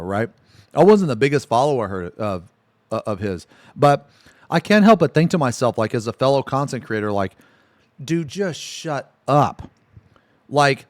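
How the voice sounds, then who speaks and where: A man's voice: medium pitch, no echo. A man, a streamer ranting on a livestream in a profane, exasperated and sarcastic way. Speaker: Twitch streamer.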